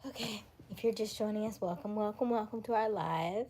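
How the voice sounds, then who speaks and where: Soft husky woman live-streaming late at night. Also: mid-range voice, fairly quick. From United States. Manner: chatty, laughs often, reads viewer comments aloud; drops into soft whispers between remarks. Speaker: livestream host. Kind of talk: casual late-night livestream chat with viewers.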